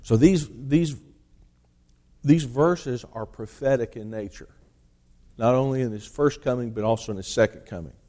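A man's voice: medium pitch, normal speed, dark tone. A man preaching a sermon, reading scripture aloud with rising emphasis and explaining it in plain talk with restarts.

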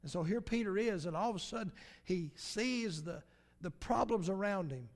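A man's voice: high-pitched, expressive, normal speed. A man preaching a sermon in an emphatic, repetitive cadence, with swells of volume.

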